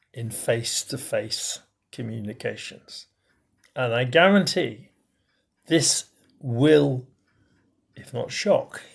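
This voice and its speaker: A middle-aged bishop with a medium-pitched, gravelly voice gives a recorded teaching talk on communication. He stresses key words using pauses and swings in loudness.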